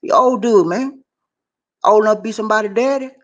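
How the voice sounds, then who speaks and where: A man giving animated, preachy commentary on a news story, playful and repetitive, with questions for his audience. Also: high voice, a little fast, lo-fi sound. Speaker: commentary channel host.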